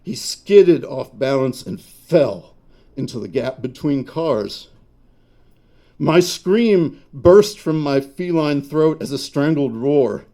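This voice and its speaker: A man reading his own fiction aloud at a bar reading event, slow and measured. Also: fairly high pitch, expressive, warm tone.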